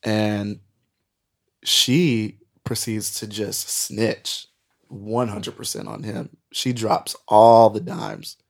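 A man guest on a podcast, telling a wild story in an animated, profane way and laughing at it. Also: lowish voice, very slow, vocal fry. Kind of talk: casual storytelling.

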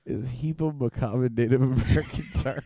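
A man co-hosting a casual comedy podcast from a basement studio, throwing in deadpan, offhand remarks. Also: medium pitch, normal speed, gravelly, no echo. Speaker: podcast co-host.

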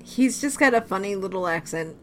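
A woman co-hosting a casual sports podcast, chatty with quick asides and frequent laughter. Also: medium pitch, animated, a bit bright, slight background noise. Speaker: podcast co-host. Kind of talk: casual hockey chat.

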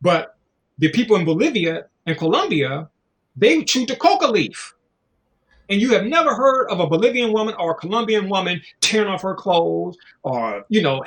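A man's voice: sits high, very animated, normal speed, a bit bright. A man in casual conversation, talking in a loose, profane, preachy way and acting out little voices as he goes. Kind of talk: casual chat.

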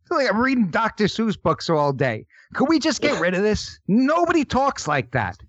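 A man's voice: high voice, huge pitch swings, normal speed, a bit bright, no echo, muffled recording. A man hosting a podcast, talking casually and with strong opinions, often slipping into mocking voices. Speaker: podcast host.

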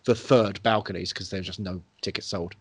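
A man's voice: deep voice, fairly even intonation, brisk, husky, no room sound. Guy gushing about films on a podcast, jokey, dry close sound. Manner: enthusiastic, jokey, drifts into tangents. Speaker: podcast co-host. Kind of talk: casual film chat.

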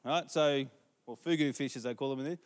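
A middle-aged man preaching, with a voice at a middle pitch. He talks conversationally, telling stories and throwing questions out to his listeners. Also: a little fast, clean tone. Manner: conversational, asks the congregation questions. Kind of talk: sermon with storytelling.

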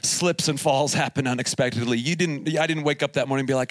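The recording is dry, and the man's voice sits on the high side with a fairly bright tone and a slightly fast pace. He's a pastor at a live camp service, laughing as he tells funny stories in a jokey sermon.

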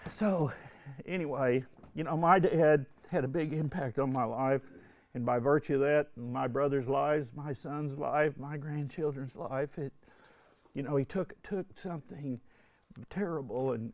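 An older man telling a personal story to a religious retreat group, earnest and halting, often restarting his sentences. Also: medium pitch, vocal fry, a little mellow, no echo. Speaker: retreat speaker. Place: indoor retreat hall.

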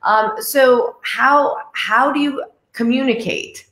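A woman's voice: high voice, takes it slowly, a bit bright. Woman host asking questions in an echoey room. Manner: asks questions with many fillers and rephrasings. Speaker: host of a live online show. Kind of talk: interview questions.

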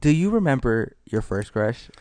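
A man's voice: mid-range voice, big pitch swings, normal speed, darkish tone, no echo. A man hosting a podcast, playful and teasing, laughing often as he asks questions. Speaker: podcast host. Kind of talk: casual podcast chat.

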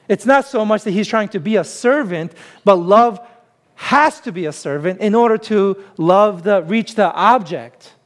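High-voiced man preaching conversationally. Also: animated, measured pace. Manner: conversational, emphatic preaching with self-deprecating humor. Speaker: pastor. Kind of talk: sermon.

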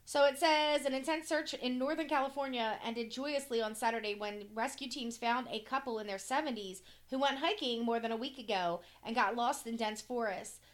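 A woman with a fairly high voice co-hosts a relaxed podcast. She reads news items aloud, tripping over words now and then, and swears offhandedly. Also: normal speed, few pauses. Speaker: podcast co-host. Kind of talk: casual chat, reading news stories aloud.

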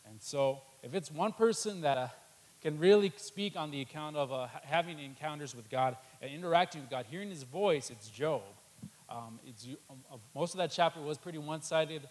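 A man delivers a sermon in an easygoing, talky way. His voice sits a little high for a man. He fills pauses with "um" and keeps tagging phrases with "right there.". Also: poor audio. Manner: conversational, many fillers, repeats "right there". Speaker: preacher.

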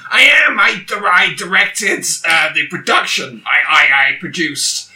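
A man's voice: on the high side, unhurried, bright, forceful tone, recorded from a distance, heavily acted. A man playing a pompous, self-important film producer in an improvised comedy bit, stammering and blustering. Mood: blustery. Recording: roomy echo, off-mic.

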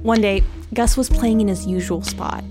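A woman giving scripted narration in a measured, even way. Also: mid-range voice. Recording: music bed underneath.

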